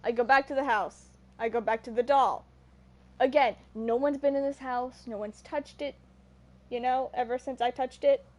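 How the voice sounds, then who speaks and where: A young woman streamer talks in a high, light voice, chatting casually to her viewers. She rambles earnestly and keeps breaking off mid-sentence to restart. Her delivery stays loose and unscripted throughout. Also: steady tone, moderate pace, a little mellow. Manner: rambling, self-interrupting, earnest. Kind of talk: casual storytelling on a live stream.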